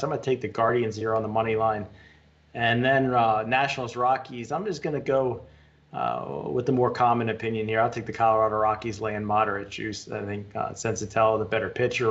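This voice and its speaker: A man on a sports betting panel, giving his picks in a steady, matter-of-fact way. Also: fairly low pitch, brisk, lo-fi sound. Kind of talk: casual sports betting chat.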